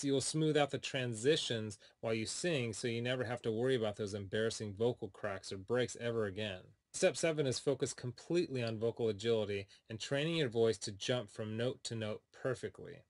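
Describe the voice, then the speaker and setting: Speaking straight to the listener with no room sound, a singing teacher delivers an upbeat, persuasive sales pitch for his course.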